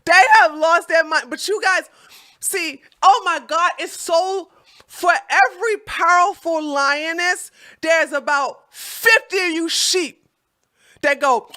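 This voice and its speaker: A woman vlogger telling a story to her viewers in a casual rant, animated and exasperated, talking straight to them. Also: very high voice, slow.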